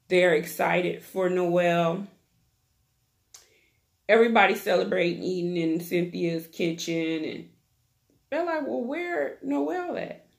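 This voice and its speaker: Slow, gravelly-voiced woman recapping reality TV. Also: fairly low pitch. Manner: chatty, gossipy, slangy storytelling. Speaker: YouTube TV recap host. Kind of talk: casual reality-TV recap chat.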